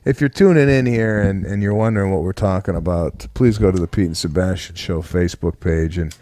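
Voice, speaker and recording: A man co-hosting a comedy podcast in casual chat, with an expressive, exclamatory delivery. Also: low voice, brisk, no echo. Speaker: podcast co-host.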